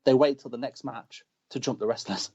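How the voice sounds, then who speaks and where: Husky guy, brash wrestler bragging, dull lofi audio. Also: medium pitch, a little fast, darkish tone. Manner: brash, boastful storytelling. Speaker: wrestler guest. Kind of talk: casual interview chat.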